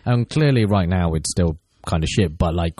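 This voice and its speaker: Mellow low guy, super animated, swears casually, dry close sound. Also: moderate pace, no room sound. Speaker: podcast co-host. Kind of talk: casual chat about a TV serial.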